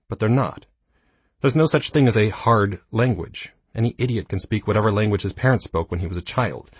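A man in his thirties reading his own nonfiction book aloud, with dry, self-mocking humor and a slightly husky voice. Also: mid-range voice, dry recording. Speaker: audiobook narrator. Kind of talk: scripted nonfiction narration.

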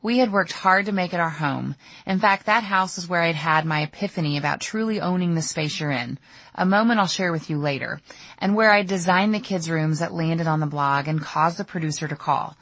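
Give me a low-voiced woman reading her memoir, candid and close to the mic. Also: brisk, a bit bright, dry recording. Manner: candid, storytelling. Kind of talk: audiobook narration.

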